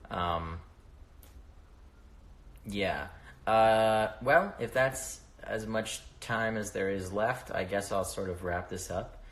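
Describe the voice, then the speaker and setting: Young male livestream host, gravelly, easygoing and profane, rambles off track, phone mic in an echoey room. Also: low voice. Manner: rambling, loses his train of thought and swears freely. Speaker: livestream host answering viewer questions. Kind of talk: casual livestream chat. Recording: roomy echo.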